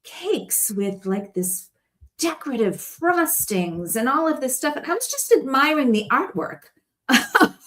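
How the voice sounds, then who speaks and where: A woman guest telling stories in a casual chat, rambling and animated and laughing often. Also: high-pitched, unhurried.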